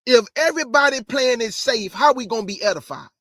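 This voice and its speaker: Man, high-pitched, dry close mic, fast emphatic livestream preaching. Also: expressive, a bit bright, no room sound. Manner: fast, conversational, emphatic, repeats phrases. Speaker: online Bible teacher. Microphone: close microphone.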